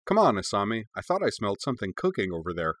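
A man's voice: fairly low pitch, sing-song, fast talker, fairly bright tone, dry recording. A man voicing a bold, cheerful young woman hero who talks in a breezy, playful way. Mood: teasing.

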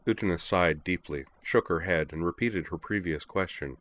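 A man narrating fiction aloud in a measured, even way. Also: low voice.

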